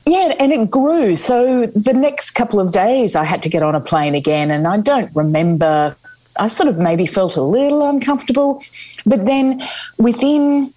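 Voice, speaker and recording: A middle-aged woman, a memoir author, telling her story candidly in an interview, slowing down for emphasis. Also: a little high, poor audio. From Australia. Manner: candid, expressive, slows for emphasis.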